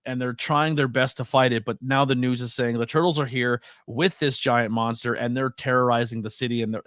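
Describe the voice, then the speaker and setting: A man's voice: mid-range voice, fairly bright tone, no echo, clean studio sound. A man hosting a podcast, loosely retelling a film's plot in a casual, rambling way with many fillers and restarts. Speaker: podcast host. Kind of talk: casual movie recap.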